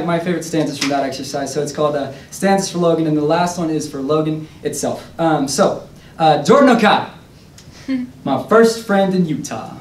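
A young man, a spoken word poet, reading his poems to a live audience with laughing, rambling asides between pieces. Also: fairly high pitch. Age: young adult. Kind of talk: poetry reading with casual banter. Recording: roomy, distant live recording with faint noise.

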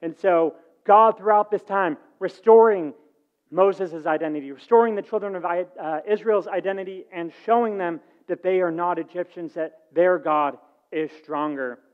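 A man preaching a sermon, telling a story with lively acted-out dialogue and swings in loudness. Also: high voice, normal speed, highs cut off. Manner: animated storytelling, acting out dialogue with shifts in volume. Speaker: pastor.

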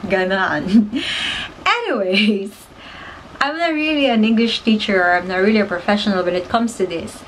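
A woman's voice: mid-range voice, moderate pace, a little hiss or hum, low-quality recording. A woman from the Philippines with a Filipino accent, chatting casually as she teaches slang in a vlog, slipping Tagalog into her English and giggling often.

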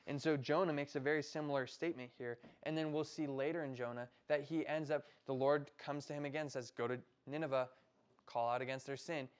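Casual young American youth preacher. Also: male voice, medium pitch, steady tone, brisk. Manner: casual, conversational preaching with frequent "right?" and "like". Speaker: youth pastor. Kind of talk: sermon to middle schoolers.

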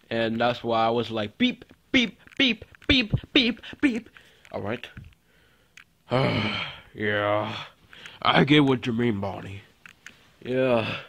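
Slow, rambling man voicing toy puppets. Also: mid-range voice. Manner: rambling and repetitive, with fillers. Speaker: puppet show performer. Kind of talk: improvised toy puppet skit.

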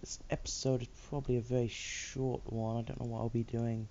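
A man's voice: mid-range voice, little pitch movement, a little fast, mellow, muffled recording, slight background noise. A man hosting a let's play, chatting casually and muttering to himself while he builds. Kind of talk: casual gameplay commentary.

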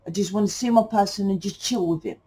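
A woman's voice: medium pitch, fast, warm tone, slightly rough, low-quality recording. A British woman giving a casual spoken tarot reading, rambling and chatty and swearing now and then. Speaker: tarot reader.

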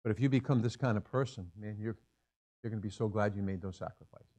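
A man's voice: lowish voice, quick pace, dark tone. A man in his sixties, a pastor preaching a sermon in a church, emphatic and repeating key phrases for effect. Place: church sanctuary.

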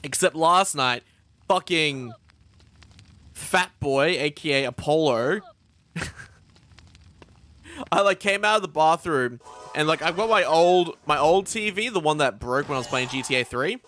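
A young man commenting on a game during a live stream, his voice bright and forceful and his pitch swinging widely. He rambles from one story to the next, swears freely and laughs often. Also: animated, a little slow, pauses often, a little hiss or hum.

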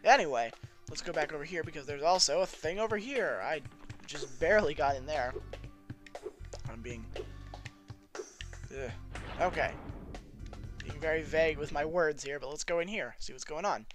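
A man's voice: fairly high pitch, normal speed, long pauses, faint music behind. A man giving casual, rambling, self-deprecating commentary while playing a video game. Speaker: let's play host.

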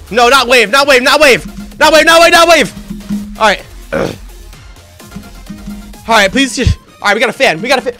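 A young man with a very high, bright voice who talks in loose, slangy gamer chatter. He yelps and groans as he works through a spicy challenge on camera. Music plays quietly behind him. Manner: excitable, yelps and groans from the spice; casual slangy talk. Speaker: gaming YouTuber. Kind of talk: gaming vlog with hot sauce challenge.

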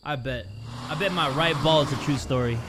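A man doing let's play commentary as a gaming YouTuber, joking crudely and yelling at the game. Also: a little high, a little fast, background noise.

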